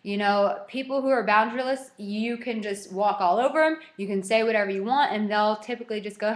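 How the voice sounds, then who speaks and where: A young woman giving a motivational self-help talk, animated and acting out little dialogues as she goes. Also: medium pitch, normal speed, roomy sound. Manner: animated, acts out quoted dialogue.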